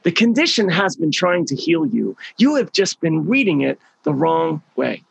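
A man's voice: a little high, big pitch swings, normal speed, vocal fry, slight background noise. A middle-aged man leading a healing program, giving a motivational talk with emphatic storytelling and words repeated for stress.

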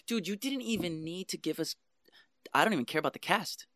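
A man's voice: sits high, a little fast, a crowd in the background. A man co-hosting a podcast in casual chat, emphatic and exasperated, swearing as he rants about a movie. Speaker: podcast co-host.

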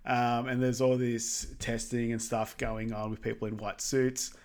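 A man co-hosting a podcast, summarizing a film in a relaxed way with frequent ums. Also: mid-range voice, unhurried. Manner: relaxed, filler-heavy with lots of ums. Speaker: podcast co-host. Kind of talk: casual film recap chat.

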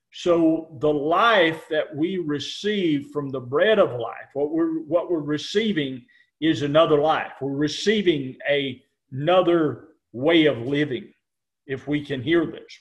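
A man preaching a sermon in a slow, deliberate way, pausing often and reading scripture in old-fashioned wording. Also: fairly high pitch.

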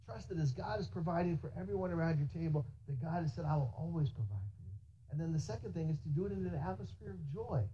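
A pastor delivering a sermon in a husky voice. The delivery is animated, full of rhetorical questions and asides to the congregation. The pitch sits mid-range. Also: quick pace, highs cut off.

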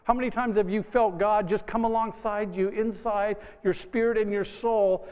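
High-voiced pastor preaching in a reverberant church. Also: male voice, normal speed, hardly any pauses, clean tone. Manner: conversational, emphatic preaching with lively asides. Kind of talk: sermon. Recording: dull reverberant church recording.

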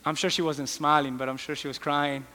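Male preacher, slightly high-pitched, sharp and forceful, impassioned sermon delivery, long hall echo. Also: level tone, brisk. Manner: impassioned, rising to near-shouted pleas.

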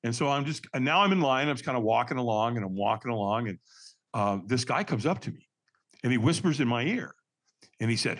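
A man telling a personal story as a podcast guest, energetic and vivid, acting out what others said. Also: mid-range voice, a little fast. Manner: energetic, acts out quoted voices, frequent restarts. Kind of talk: animated storytelling.

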